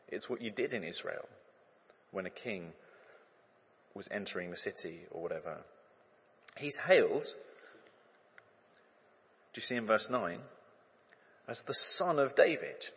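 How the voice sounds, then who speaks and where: A man in his thirties preaching a sermon, conversational and animated, acting out crowd shouts as he tells stories. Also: medium pitch, breathy edge. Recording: long hall reverb.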